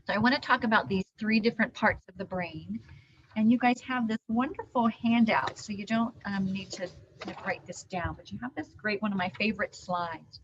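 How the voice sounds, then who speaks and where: A woman trainer giving an animated live training talk to caregivers, teaching with hand gestures. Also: mid-range voice, moderate pace, a little hiss or hum. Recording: dull lo-fi sound.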